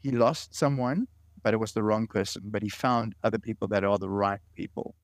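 A man's voice: fairly low pitch, steady tone, fairly quick, no echo, clean studio sound. A man in his late forties, a guest in an interview, telling stories earnestly and often repeating words. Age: late 40s. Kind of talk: interview conversation.

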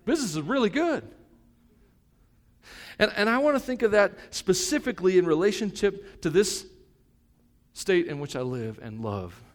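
A middle-aged male pastor preaching a sermon, moving between soft, reflective asides and loud, fervent stretches. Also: high-pitched, big pitch swings, normal speed, long pauses, in a large hall.

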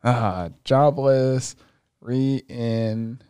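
A young man hosting a casual chat, retelling an anime with lots of swearing and excitable energy. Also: medium pitch, drawn-out words, clear, resonant tone, dry recording, clean studio sound. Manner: profane, excitable storytelling.

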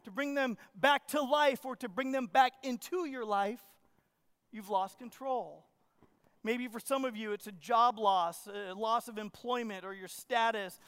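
Male pastor, high tenor, animated storyteller who preaches straight to his congregation. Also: smooth. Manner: animated storytelling, acts out his own panic; asks the congregation questions. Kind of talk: sermon. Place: church.

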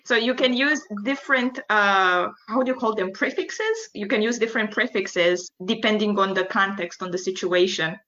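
A woman hosts a podcast interview, asking curious follow-up questions. Her voice is bright at a middle pitch. The audio is a little dull and lo-fi. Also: normal speed, hardly any pauses. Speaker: host.

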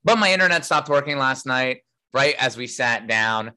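A man's voice: mid-range voice, expressive, moderate pace, pushed and bright. Joking, profane male podcast co-host. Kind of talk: casual chat.

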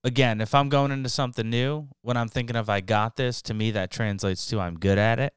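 A man co-hosting a podcast, relaxed and agreeable, talking in casual slang. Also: medium pitch, fairly quick, clear, resonant tone, dry recording, studio quality. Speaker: podcast co-host.

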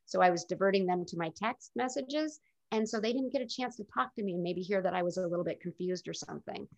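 Candid middle-aged woman, gravelly voice. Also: lowish voice, quick pace. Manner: candid, reflective. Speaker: guest telling her illness story. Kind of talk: casual interview storytelling. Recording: dull lo-fi recording.

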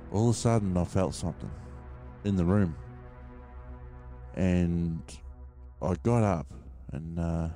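An Australian podcast host with a very low, mellow voice tells a story in loose, casual chat. He rambles, leans on fillers, and swears freely.

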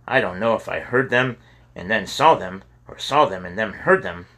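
A man voicing a fearful but proud young boy explorer, raising his voice to a higher, louder register for the boy. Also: lively intonation, normal speed. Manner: raised higher voice, loud protests.

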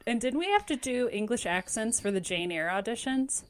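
A woman's voice: fairly high pitch, animated, moderate pace. Woman podcast host, chatty and laughy, easygoing talk. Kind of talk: casual chat.

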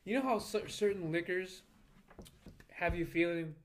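A man with a slightly high voice, co-hosting a laid-back podcast. He jokes around and laughs a lot, keeping the talk loose. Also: a little slow. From United States. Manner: laughs often, loose and joking. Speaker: podcast co-host. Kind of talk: casual chat.

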